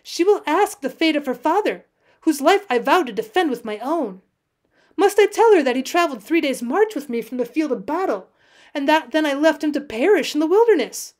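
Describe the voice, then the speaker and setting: A woman reads the part of a loyal, wounded young man, earnest and urgent in a storybook reading. The voice stays high and light for the figure.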